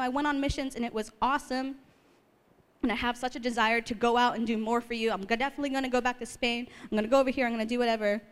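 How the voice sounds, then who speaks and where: Animated young woman telling her testimony. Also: clean tone. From US East Coast. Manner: animated storytelling, acts out her own past prayers in a higher voice; self-deprecating humor with frequent laughs. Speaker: speaker sharing testimony. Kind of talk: personal testimony talk.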